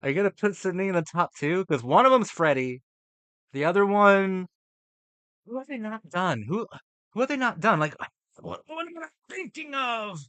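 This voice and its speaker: A man's voice: high-pitched, lively intonation, normal speed, long pauses, a bit bright, clear, resonant tone, no room sound. A man reacting to a horror movie ranking list, ranting with profane, exasperated sarcasm.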